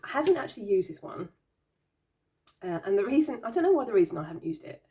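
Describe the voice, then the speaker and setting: Giggly woman with a lively voice. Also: mid-range voice, fast talker. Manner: giggly, amused and baffled, laughing often. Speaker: tarot channel host. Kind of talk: casual show-and-tell chat.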